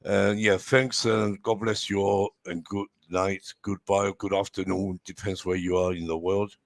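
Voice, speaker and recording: A man hosting a casual football fan livestream, talking in a halting way with many fillers and restarts. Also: low-pitched, little pitch movement, dry recording. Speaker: host of fan channel livestream. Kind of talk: casual heated fan debate.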